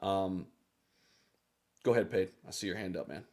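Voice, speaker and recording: A man's voice: deep voice, moderate pace, a little mellow. A man hosting a live crypto audio room, talking earnestly with many fillers and restarts. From United States. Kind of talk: casual live talk.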